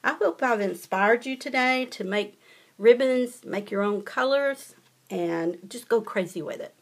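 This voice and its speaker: A woman's voice: a little high, measured pace. A woman with a Southern US accent hosting a casual craft tutorial, chatty, folksy and encouraging as she demonstrates.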